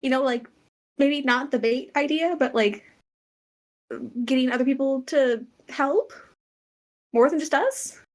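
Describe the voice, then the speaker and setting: A woman's voice: high-pitched, unhurried, pauses often. A woman playing a tabletop game, chatting casually and hesitantly with many fillers. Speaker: player. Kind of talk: casual chat.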